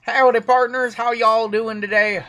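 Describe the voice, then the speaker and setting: A man's voice: very high voice, level tone, measured pace, a bit bright, voice pushed up. A man putting on a hammy, drawling cowboy announcer voice, rattling off teams like an auctioneer during live-stream card break commentary. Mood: jaunty. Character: folksy adult male cowboy announcer.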